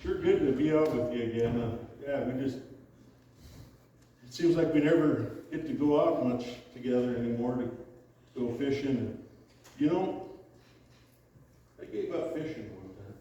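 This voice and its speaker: Man as easygoing joke-telling fisherman, very slow delivery; distant stage pickup. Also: mid-range voice, warm tone, highs cut off, natural voice. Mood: joking. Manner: drawling storyteller, slow tall tales. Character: folksy male fishing buddy telling jokes. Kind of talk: stage play acting. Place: theater stage. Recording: echoey hall, far from mic, faint noise.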